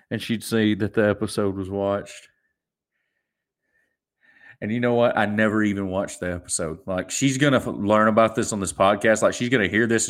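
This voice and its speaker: Rambling low-voiced man in his twenties. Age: 20s. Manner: rambling, chuckling, restarts often. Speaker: podcast host. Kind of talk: casual solo podcast storytelling.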